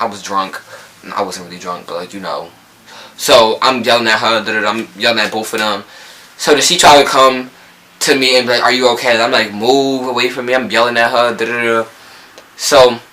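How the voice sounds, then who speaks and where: In a rough recording, a young Newark man with a local accent spins a meandering storytime vlog, acting out lines of dialogue. His mid-range voice sounds pushed and bright.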